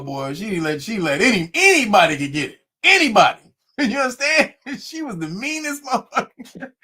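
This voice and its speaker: A middle-aged man hosting, telling a family story to viewers casually, swearing and laughing a lot. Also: sits high. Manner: animated, swearing, laughing often. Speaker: host.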